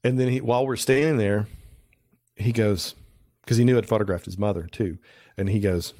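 A middle-aged man with a fairly low voice tells rambling, chatty stories, often restarting and filling in as he goes. The recording is dry and close, with no room sound. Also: normal speed, long pauses, mellow, no room sound. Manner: chatty anecdotal, many restarts and fillers. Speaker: photographer guest. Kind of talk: casual interview storytelling.

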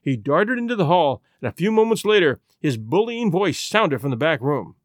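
A man narrating a detective story in an expressive, dramatic reading. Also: a little high, normal speed, no echo, clean studio sound. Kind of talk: audiobook narration.

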